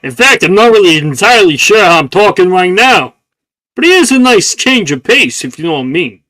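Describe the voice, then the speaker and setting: A game master voicing a brash, raspy-sounding male talking flower with a New York accent, pushy and wisecracking. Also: medium pitch, sing-song, pushed and bright, dry recording. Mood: chatty. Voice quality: raspy, smoker-like. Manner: pushy, demanding, quick-talking.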